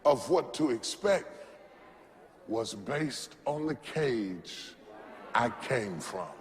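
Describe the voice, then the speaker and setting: A man preaching a sermon, slow and deliberate, who builds up to shouting and has the congregation repeat after him. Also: medium pitch, expressive, background noise. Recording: long reverb in a large hall.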